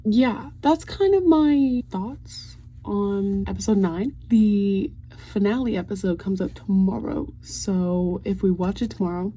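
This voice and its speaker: A woman's voice: mid-range voice, dark tone, low-quality recording. A young woman casually chatting to camera at home in a video diary, rambling through a fan rant and swearing freely. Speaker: vlogger. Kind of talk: casual vlog chat.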